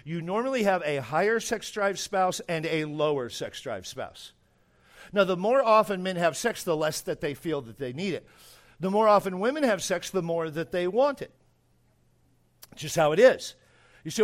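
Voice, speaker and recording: A middle-aged man preaching a sermon as a pastor, emphatic, dropping to quiet asides and rising to loud bursts. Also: high-pitched, animated, normal speed.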